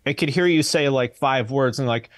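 A man's voice: mid-range voice, moderate pace, dry recording, clean studio sound. A man hosting a podcast in casual chat, blunt and joking, swearing freely. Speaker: podcast host.

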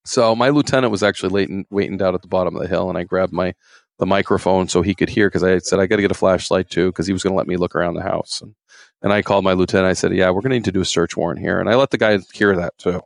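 Man, ex game warden, folksy rambling storyteller, gravelly voice, dry sound. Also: low-pitched, steady tone, rapid-fire, no room sound. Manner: rambling, folksy, many fillers. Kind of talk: casual storytelling interview.

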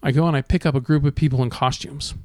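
A man's voice: medium pitch, fairly even intonation, fast, a little mellow, no room sound, studio quality. A man in casual podcast chat, telling rideshare driving stories with lots of swearing and laughter. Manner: profane, laughing storyteller.

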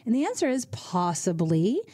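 Warm-voiced woman giving money advice. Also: medium pitch, sing-song, moderate pace, slightly rough. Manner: coaching, direct, addresses listeners. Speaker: financial advisor and radio show host. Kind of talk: conversational radio advice talk.

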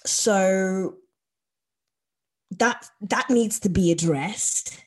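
A woman's voice: mid-range voice, extremely slow, husky. A woman co-hosting a podcast, speaking frankly and emphatically in casual chat. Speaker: podcast co-host.

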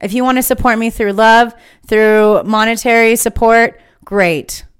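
A woman's voice: on the high side, fairly even intonation, a little slow, clean tone. A woman hosting her own podcast, giving an impassioned, emphatic spiritual monologue that is full of swearing. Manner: fired-up, emphatic, swears freely. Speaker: podcast host.

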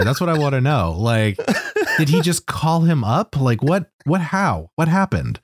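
A man co-hosting a casual podcast chat, joking in a dry, deadpan way. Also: a little high, unhurried. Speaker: podcast co-host.

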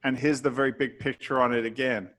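An emphatic man from England, talking as a guest on a podcast interview. He lays out his motivational views bluntly and preachily, with the odd swear word, at an ordinary speaking pitch. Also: steady tone, quick pace, fairly bright tone.

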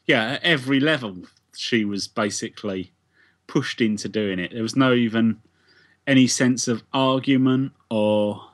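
A British man talking at normal speed in a mid-range voice co-hosts a podcast. During the casual review chat he takes the plot apart and keeps asking questions, in an analytical, probing way.

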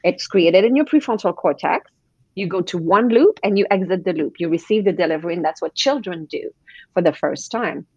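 Female coach guest, animated and expressive. Husky tone, muffled sound. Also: lowish voice, a little fast, no echo. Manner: animated, acts out quoted voices. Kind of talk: podcast interview.

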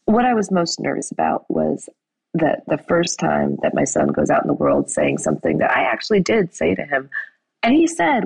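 A woman's voice: on the low side, huge pitch swings, a little fast, gravelly, slightly rough, no room sound, low-quality recording. A middle-aged woman telling a family story in a conversational way, acting out quoted dialogue with fillers and restarts.

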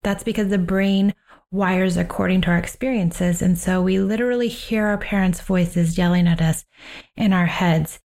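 A woman with a fairly low voice shares parenting advice on her own podcast. She sounds calm, earnest and reflective, and she slows down on the phrases she wants to land. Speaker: parenting coach and podcast host.

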